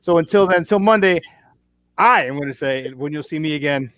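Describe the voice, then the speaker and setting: A man hosts a morning sports talk show from a remote setup, his voice sitting a touch high. He chats in an upbeat, loose way, full of fillers and restarts. The sound is dry, with no room around it. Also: brisk, fairly bright tone, no echo. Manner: upbeat, laughs often, many fillers and restarts. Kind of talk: casual on-air chat. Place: remote virtual studio.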